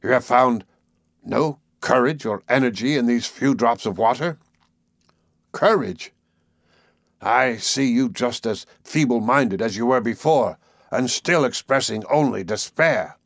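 A stubborn, commanding old professor, read by a man in an audiobook, pressing his case with firm, resolute declarations. The voice sits at a middling pitch, and the recording is close and dry with no room sound. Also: measured pace, a bit bright, no echo. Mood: stern. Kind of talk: audiobook character reading.

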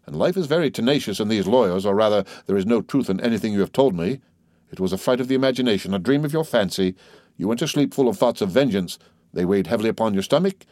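A man voicing a composed, worldly nobleman who speaks in a measured, assured, faintly ironic way. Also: fairly low pitch, lively intonation, a little mellow, dry recording, studio quality, natural voice. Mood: soothing.

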